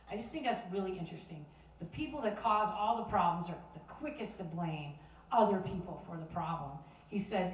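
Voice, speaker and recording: Woman Bible teacher, talkative storyteller, recorded from across a roomy space. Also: fairly low pitch. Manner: chatty and animated, with many restarts and fillers. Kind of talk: casual storytelling sermon. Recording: roomy sound from a distant mic.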